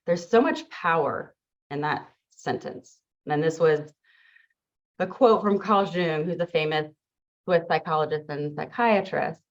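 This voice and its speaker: A middle-aged woman, a teacher and coach, giving an earnest, reflective motivational talk to an audience. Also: sits low. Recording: dull lo-fi sound.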